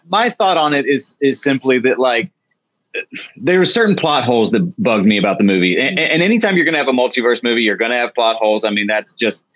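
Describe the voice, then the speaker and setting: A man's voice: medium pitch, fairly bright tone, dry recording, lo-fi sound. A man in a casual podcast chat, speaking hesitantly with many restarts.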